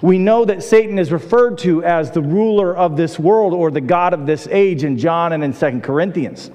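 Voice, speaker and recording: A man's voice: fairly high pitch, normal speed, mellow. Man preaching a sermon in an echoing hall. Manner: conversational storytelling preacher with repeated restarts. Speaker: pastor.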